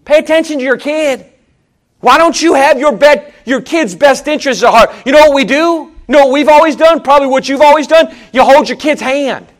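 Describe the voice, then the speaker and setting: A middle-aged male pastor speaks a little fast in a conversational sermon, returning to the same phrases and shifting between emphatic rises and quiet, low asides.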